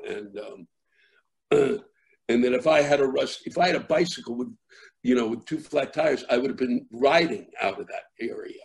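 A middle-aged man, a comedian, telling a rambling story in conversation with many fillers and restarts, acting out shouting crowds. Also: fairly high pitch, creaky. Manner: animated, acts out shouting crowds. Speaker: comedian guest.

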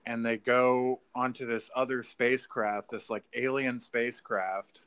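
A man in casual podcast chat, rambling excitedly through a story with lots of filler words and swearing. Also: medium pitch, unhurried, smooth. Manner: rambling, profane, filler-heavy, says "like" and "dude".

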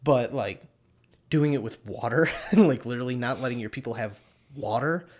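A man's voice: medium pitch, normal speed, a little mellow. Laid-back swearing young man. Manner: laid-back, swears often, laughs a lot. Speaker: podcast co-host. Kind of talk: casual chat.

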